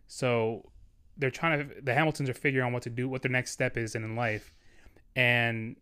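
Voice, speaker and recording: A man's voice: medium pitch, fairly even intonation, normal speed, bright, forceful tone, clear, resonant tone. A man co-hosting a casual podcast chat, steering the conversation in an earnest, heartfelt way. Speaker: podcast co-host. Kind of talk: casual chat about a musical.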